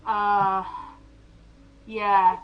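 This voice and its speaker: A woman playing a tabletop role-playing game, speaking in character with hesitant pauses and fillers. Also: mid-range voice, flat delivery, muffled recording.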